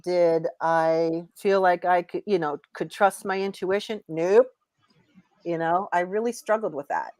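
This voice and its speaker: Rambling woman, low and dry. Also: steady tone, unhurried, a little mellow, no room sound. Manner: rambling, with many restarts. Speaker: guest, intuitive reader. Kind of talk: casual live chat.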